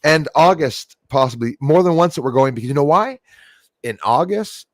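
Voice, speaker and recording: A man's voice: on the high side, lively intonation, normal speed, dry recording, clean studio sound. A man hosting a casual livestream chat, rambling and emotional, swearing freely. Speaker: host.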